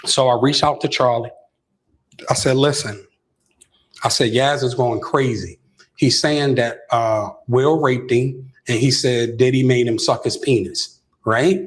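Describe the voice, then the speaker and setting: A man's voice: fairly even intonation, measured pace. A middle-aged man telling a long story as an interview guest. He keeps checking in with "right?" and stumbles over restarts. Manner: keeps asking "right?" with frequent stammered restarts; shifts into a higher voice when quoting others.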